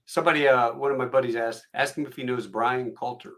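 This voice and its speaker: A man hosting a podcast in easy conversation, his voice in an ordinary middle pitch. He sounds eager and chatty, throwing in banter and laughing along with his guest. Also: steady tone, fast talker, a bit bright. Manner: enthusiastic, chatty, laughs easily. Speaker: podcast host. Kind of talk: casual chat.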